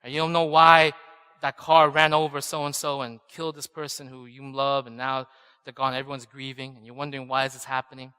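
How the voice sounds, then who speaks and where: A man's voice: medium pitch, monotone, brisk, pushed and bright, smooth. A man in his thirties preaching a conversational sermon, telling personal stories and often checking in with "right?". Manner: chatty storytelling, often asks "right?". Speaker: pastor. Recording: long reverb in a church hall.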